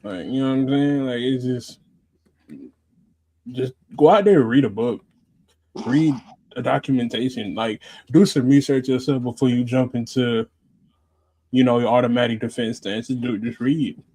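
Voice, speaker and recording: A laid-back man co-hosting a casual livestream, his voice dry and close with no room sound. He talks hesitantly and fills his pauses with "um". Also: medium pitch, dark tone, no room sound, poor audio. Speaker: podcast co-host.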